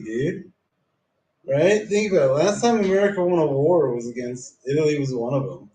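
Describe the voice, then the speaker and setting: A man's voice: on the high side, normal speed, warm tone, reverberant, rough recording. A man delivering a casual, profanity-laced, rambling rant to camera, repeatedly calling the listener "dude".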